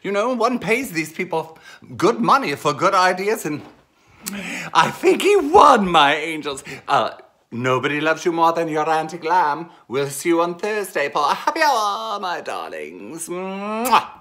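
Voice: medium pitch, sing-song, normal speed, sharp tone. A campy, theatrical host leads a casual cocktail tutorial from a home kitchen, calling listeners darling and angels.

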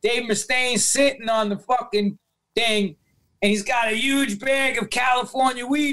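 High-voiced, animated New York storyteller. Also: male voice, unhurried. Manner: profane, animated storyteller acting out quoted voices. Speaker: guest. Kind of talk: storytelling in a podcast interview.

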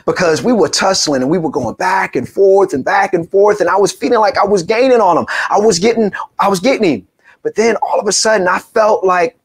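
A man's voice: high voice, moderate pace. A man preaching a sermon in church, who tells stories with animation and acts out the quoted voices. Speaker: pastor.

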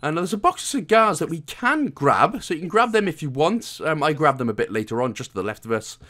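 A man's voice: a little high, sing-song, brisk, fairly bright tone. A man from Wales, hosting a casual game walkthrough with jokey, rambling, self-mocking asides. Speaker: video game walkthrough host.

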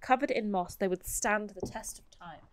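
A woman's voice: mid-range voice, normal speed, no echo. A woman streaming a game, chatting casually, self-mocking and reading game text aloud. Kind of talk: casual gameplay commentary.

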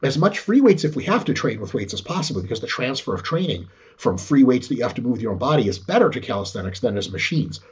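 A sport scientist appears as a podcast guest, talking about training in an animated conversation, swearing freely and acting out little dialogues. His mid-range voice is fast, a little mellow and husky, with big pitch swings, and the audio sounds dull.

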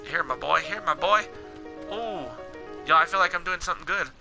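A young man giving casual, excitable gameplay commentary, talking at the game characters in slangy speech. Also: a little high, normal speed, gravelly, over music, poor audio. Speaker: gaming channel host.

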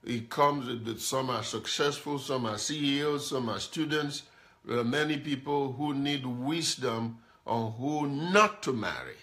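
A man's voice: mid-range voice, unhurried, fairly bright tone. A man preaching a live-streamed sermon as pastor, emphatic and repetitive, calling out to viewers. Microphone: camera mic.

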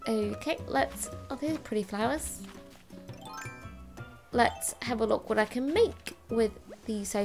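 A woman hosting a let's play, talking through her game in a rambling, self-deprecating, chatty way. Her voice sits a little high and has noticeable vocal fry. Faint music plays underneath. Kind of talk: casual gameplay commentary.

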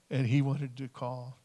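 In a church sanctuary with a long hall reverb, a man with a dark, medium-pitched voice gives a storytelling sermon. He earnestly recounts phone calls and repeats what people told him.

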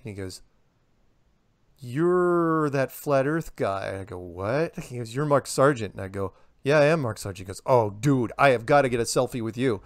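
A man's voice: medium pitch, quick pace, no room sound. Rambling storyteller man, dry sound. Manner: rambling, animated storyteller acting out quotes. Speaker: interviewee. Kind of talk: casual phone interview storytelling.

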